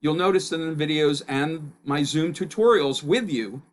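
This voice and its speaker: A man teaching a recorded physics course in a loud, emphatic explaining voice, his pitch jumping up on key points. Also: moderate pace. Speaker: physics instructor.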